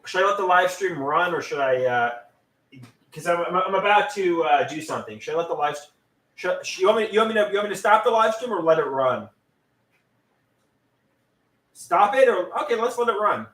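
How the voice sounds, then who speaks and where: A man's voice: high-pitched, animated, fast, fairly bright tone. Rambling man live streaming from home. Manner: rambling, with lots of stammered restarts. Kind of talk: casual livestream chat. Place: at home, doing laundry. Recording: roomy, from a distance.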